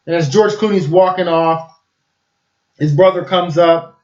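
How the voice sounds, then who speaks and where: A man's voice: on the high side, a little slow, roomy sound, highs cut off. A man giving a casual, enthusiastic film review, rambling with lots of fillers.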